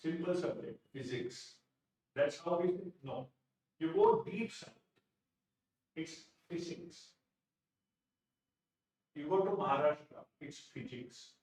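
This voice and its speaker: Echoey Indian English teacher lecturing. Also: male voice, a little high, huge pitch swings, normal speed, darkish tone. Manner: emphatic, repeats key phrases, asks and answers his own questions. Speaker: vocabulary teacher. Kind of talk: live online exam-prep lecture. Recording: very echoey room, distant from mic.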